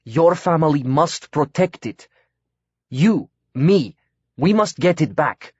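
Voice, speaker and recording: A man voicing a solemn, earnest exiled foreigner who speaks slow, broken English. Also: on the high side, lively intonation, slightly rough, no room sound, voice pushed up, heavily acted. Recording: dry, slightly dull audiobook recording.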